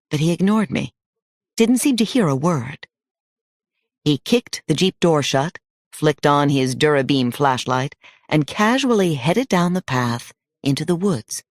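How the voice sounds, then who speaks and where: A man narrates a scripted audiobook in a steady, measured storytelling style. His pitch is medium, and the studio-quality recording has no room sound.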